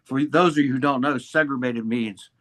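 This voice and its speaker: A man's voice: mid-range voice, normal speed, a bit bright. A man in his seventies from Virginia, telling stories as a guest in an interview, full of old hipster slang. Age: 70s. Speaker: guest musician. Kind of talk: casual storytelling interview.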